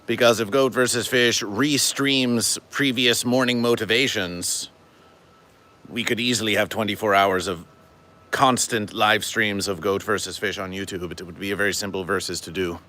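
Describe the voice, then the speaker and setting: Bright-voiced deadpan man streaming. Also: fairly low pitch, normal speed. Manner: deadpan, stilted formal phrasing, refers to himself in third person. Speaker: livestream host. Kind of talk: comedic livestream monologue to chat.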